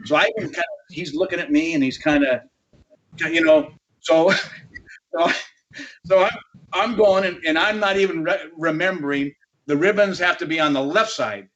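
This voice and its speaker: A man's voice: on the high side, moderate pace, pauses often, fairly bright tone, slight background noise. Rambling, salty-tongued storyteller man. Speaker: panel guest. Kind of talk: casual storytelling. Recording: dull lo-fi audio.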